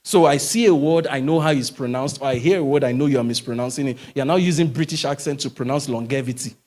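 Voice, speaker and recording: A man's voice: medium pitch, quick pace, a little mellow. A man giving an emphatic live talk to a church audience, often asking rhetorical questions. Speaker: motivational speaker.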